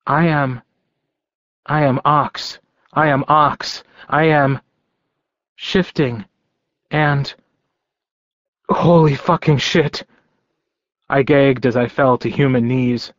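A man narrating an audiobook in first person, with a slow, rhythmic, repetitive delivery. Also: medium pitch, a bit bright, no room sound, dull audio.

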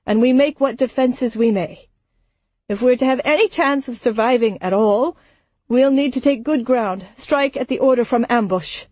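A woman's voice: fairly high pitch, moderate pace, a little mellow, dry recording, pitched above the performer's own voice, close to an everyday voice. A woman narrator voicing a blunt village man pressing for defense, raising her voice for him. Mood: resolute.

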